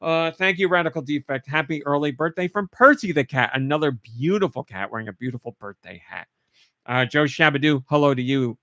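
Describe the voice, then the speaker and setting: A male podcast host talks in casual chat, so moved that his voice gets choked up and tearful. He gushes eagerly and keeps going through it. The sound is dry and close on the mic, with a mid-pitched voice. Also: fairly bright tone, no echo. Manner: emotional, gushing, laughs while choking up.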